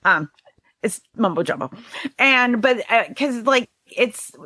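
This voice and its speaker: Guest: New England woman, forties, bright, dry close sound, chatty storyteller who quotes herself. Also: a little high, expressive, takes it slowly, no echo. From New Hampshire. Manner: chatty, quotes herself often, laughs easily. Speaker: podcast guest. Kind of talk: casual interview conversation.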